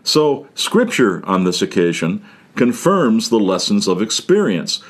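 A man preaching a sermon in a measured, wry storytelling manner. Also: fairly low pitch, big pitch swings.

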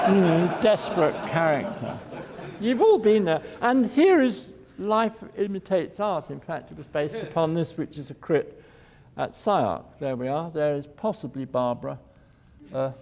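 An older architect giving a loose, wry lecture and chuckling at his own asides. His somewhat high voice has a gravelly edge. It carries a long echo from a lecture hall. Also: a little mellow. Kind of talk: informal public lecture.

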